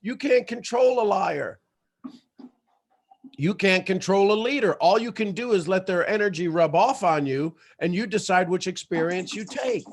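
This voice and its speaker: A man hosting a motivational livestream, talking in an emphatic, animated storytelling way. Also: high voice, moderate pace. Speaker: motivational show host.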